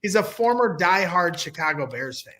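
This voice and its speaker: A man's voice: high voice, very animated, normal speed, sharp tone. A man appearing as a guest on a sports podcast, talking football in an emphatic, speech-like way. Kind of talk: casual sports talk.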